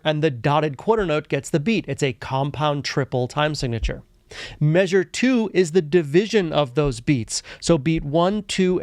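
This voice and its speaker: A man's voice: fairly high pitch, dry recording, studio quality. A man teaching a music lesson, explaining things methodically and step by step. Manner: methodical explaining, chants rhythm syllables. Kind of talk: instructional video lesson.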